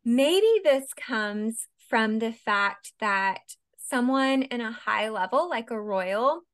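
A woman co-hosts a casual podcast, thinking out loud in a thoughtful, hesitant way. Her voice sits a little high. She fills her pauses with small hedging words as she works out her thoughts. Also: animated. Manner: thoughtful, hesitant, laughs often. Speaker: podcast co-host.

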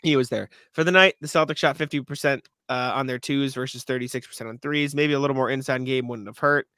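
A man co-hosting a casual sports podcast who reads listener emails and jokes around with his partner, with hiccups and throat clearing. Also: medium pitch, steady tone, sharp tone, no room sound, clean studio sound. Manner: fast, joking banter with many asides. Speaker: podcast co-host.

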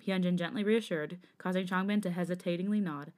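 A woman podcast host reading fanfiction aloud at a steady, even storytelling pace. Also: on the low side, a little fast, few pauses.

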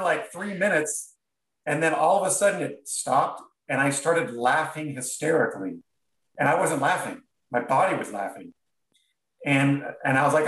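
A man in a podcast interview tells his own story in an earnest, halting way, often stopping and restarting his sentences. His voice sits at an ordinary middle pitch. The sound is roomy and comes from some distance off the mic. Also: animated, fairly bright tone. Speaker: podcast guest. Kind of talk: reflective storytelling.

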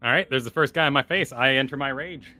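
A man's voice: medium pitch, quick pace. A man playing a tabletop game, speaking eagerly about his character's attacks. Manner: eager, animated. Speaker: player.

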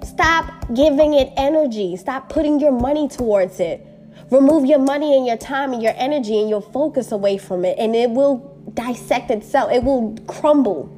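A woman's voice: a little high, normal speed, mellow, faint music behind. A woman on a personal video, angrily and bluntly speaking her mind, swearing often and repeating short phrases, upset and hurt. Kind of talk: impassioned personal rant to camera.

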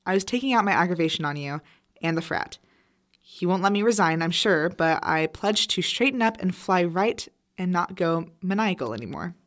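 A woman acting an exasperated, brisk frat sponsor in a college audio drama. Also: fairly low pitch, animated, natural voice. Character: harried female frat sponsor Mrs. Coleman.

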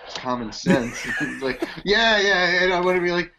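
A man's voice: mid-range voice, brisk, creaky, noisy background. A man from Boston on a casual podcast call, ranting and swearing between laughs. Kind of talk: casual chat. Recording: dull lo-fi remote audio.

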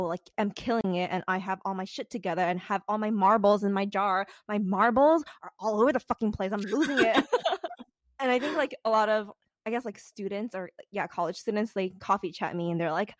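A woman in her twenties co-hosting a casual podcast, lively and blunt, acting out what people say with big jumps in her voice. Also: a little fast, no echo. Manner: animated, acts out quoted people with big pitch jumps, swears freely. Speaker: podcast co-host. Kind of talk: candid casual podcast chat.

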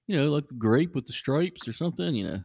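A middle-aged man hosting a podcast, telling a casual story and jumping his voice up high when he acts out what people said. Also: a little fast, gravelly, slightly rough, no room sound, studio quality. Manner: animated, jumps high when acting out quotes. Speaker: podcast host.

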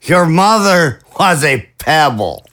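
A drunk, slovenly frog-creature, as a man puts him on, slurring and grumbling. The voice is bright and clear, and it swings up and down in pitch. He drawls slowly, like a barfly in an audio drama. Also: sing-song, full character voice. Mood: insulting. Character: jolly pudgy frog-like male drunkard, slovenly.

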